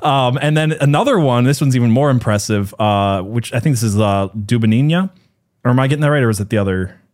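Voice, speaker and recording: A man's voice: mid-range voice, quick pace, a little mellow. A man hosting a podcast in a casual, jokey way, laughing often and chatting with his co-host.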